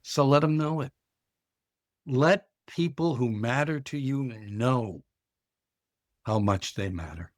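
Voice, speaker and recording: An older man, a professor, speaking slowly and earnestly as a podcast guest, with a dry wit. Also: medium pitch, no room sound. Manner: measured, earnest, with dry sarcasm. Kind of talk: podcast interview.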